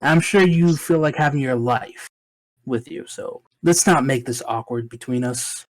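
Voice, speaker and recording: A man's voice: mid-range voice, a little slow, close to an everyday voice. A man voicing a smug, mock-friendly male warrior in a tabletop game.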